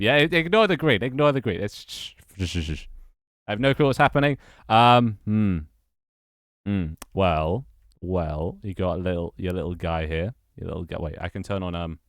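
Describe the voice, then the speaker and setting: Deep-voiced guy streaming. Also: dry recording, clean studio sound. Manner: rambling, repeats phrases, greets chat. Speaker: streamer and game developer. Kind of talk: casual livestream chat.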